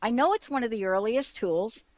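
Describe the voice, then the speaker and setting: A woman's voice: a little high, moderate pace, darkish tone, no echo. Eager, rambling woman radio host. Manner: eager, rambling, full of fillers. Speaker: radio talk show host. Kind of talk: casual radio chat.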